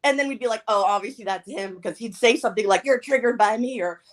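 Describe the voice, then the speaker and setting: A woman's voice: on the high side, fast talker. A woman guest on a livestream, telling a story in casual chat, laughing often and acting out what others said. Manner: giggly, animated, acts out quotes.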